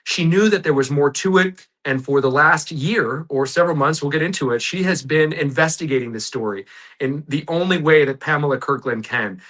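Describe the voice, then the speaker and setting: A man's voice: fairly high pitch, normal speed, fairly bright tone. A man hosting a talk show, introducing a story with dramatic storytelling and then interviewing his guest. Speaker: show host.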